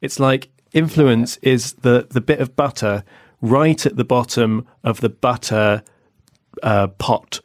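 A man's voice: medium pitch, slow, no echo, clean studio sound. A man co-hosting a podcast, chatting casually and playfully about a novel and laughing often. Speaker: podcast co-host. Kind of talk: casual book-club chat.

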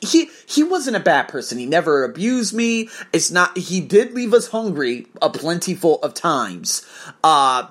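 A man's voice: a little high, a bit bright. A man telling a blunt, profane personal story in a confessional monologue.

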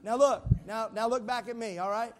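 A man's voice: extremely high pitch, fairly quick. A pastor preaching a sermon, joking with the congregation and calling out for them to repeat his words. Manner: lively, joking with the congregation, calls for responses.

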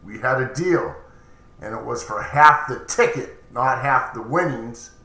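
Menacing male loan shark, blunt threats, bright edge, roomy echo, as a man puts him on. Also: mid-range voice, measured pace, pitched below the performer's own voice. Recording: roomy echoey recording.

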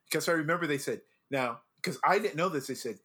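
A man hosting a casual chat, telling animated stories full of restarts and laughter as a former judge. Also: on the high side, quick pace, breathy edge. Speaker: podcast host and former drum corps judge.

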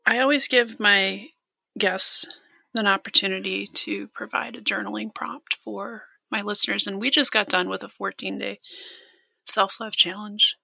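A woman hosts a podcast interview in a soft, affirming voice that drops into near whispers. Her tone is bright, with husky grain and some gravelly fry. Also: medium pitch, steady tone, unhurried, dry recording, rough recording. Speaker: podcast host.

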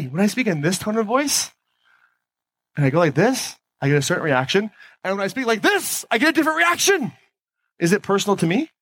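A man's voice: on the high side, a bit bright, no room sound. A man giving a motivational talk on stage, emphatic, repeating key phrases and asking the audience questions. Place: stage before a live audience.

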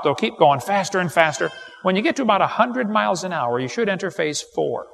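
A middle-aged man giving a live seminar lecture, telling folksy stories and firing off quick jokes to a live audience. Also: on the high side, fairly bright tone. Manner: folksy, wisecracking, quick storytelling with punchlines. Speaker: creation seminar speaker. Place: large hall with live audience. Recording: live recording in a reverberant hall.

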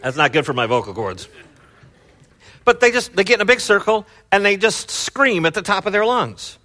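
A middle-aged man preaching in a loose, conversational way, scattering fillers as he goes. His voice sits fairly high for a man and has a bright, forceful edge. He drops to low asides, then climbs into loud, excited bursts. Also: moderate pace. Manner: loose, chatty delivery with many fillers. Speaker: pastor. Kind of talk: conversational sermon.

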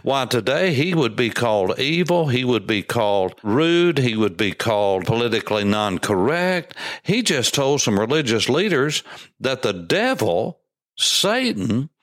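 Male preacher, mid-pitched, emphatic sermon delivery, reads scripture and presses points hard. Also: big pitch swings, unhurried, fairly bright tone, no echo, studio quality. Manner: emphatic, rising to insistent emphasis.

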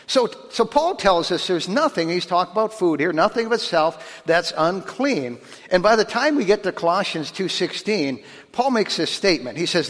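A man preaching a sermon in a folksy, animated way, acting out the voices of the people in his stories. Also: high-pitched, normal speed. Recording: long hall reverb.

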